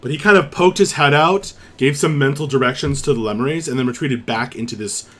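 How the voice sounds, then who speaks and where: A man running a tabletop game as dungeon master, narrating the action in a lively, descriptive way with frequent fillers. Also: medium pitch, a little fast.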